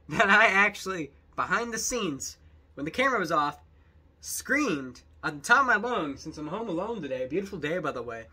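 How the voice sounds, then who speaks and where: Young man, reaction commentator, exasperated, rambling, bright tone, husky edge. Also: fairly high pitch. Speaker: youtube commentator.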